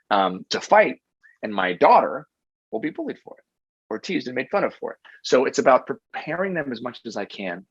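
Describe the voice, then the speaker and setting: A man's voice: on the low side, a bit bright, slightly rough, dry recording, dull audio. A man in his thirties answering interview questions in an earnest, reflective way, often restarting his sentences. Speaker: guest.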